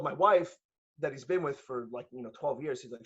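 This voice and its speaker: Husky new guy rattling off a crude story fast, kinda dull lo-fi sound. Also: mid-range voice. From New York. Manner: profane, animated, laughing storyteller. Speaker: guest, jiu-jitsu gym owner. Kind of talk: casual storytelling. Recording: dull lo-fi audio.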